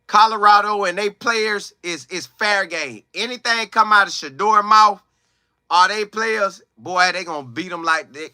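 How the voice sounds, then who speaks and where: Male sports vlogger, bright forceful voice, dry close sound, animated and emphatic. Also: high-pitched, dry recording. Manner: animated, emphatic, slangy storytelling. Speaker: sports commentator. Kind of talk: casual commentary vlog.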